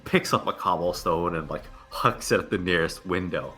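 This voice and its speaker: A man's voice: low voice, moderate pace, loud music behind the voice. A man playing a tabletop game, hesitant and laughing, with many fillers. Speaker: player.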